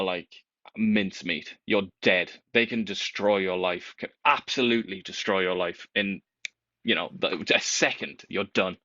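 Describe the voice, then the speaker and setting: A man giving casual political commentary, animated and sarcastic, often laughing as he talks. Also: fairly low pitch, dry recording. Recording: dull lo-fi sound.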